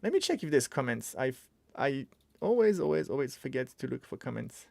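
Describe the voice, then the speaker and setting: A man hosting a casual live coding stream, talking excitably and thinking aloud with frequent restarts. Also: mid-range voice, brisk, gravelly, no echo, clean studio sound. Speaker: streamer teaching web development.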